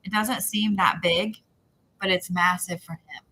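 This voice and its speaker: A woman's voice: lowish voice, fairly even intonation, a little slow, pushed and bright, slightly rough, low-quality recording. A woman giving intuitive readings to viewers on a live stream, talking in a rambling, repetitive, chatty way. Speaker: psychic reader.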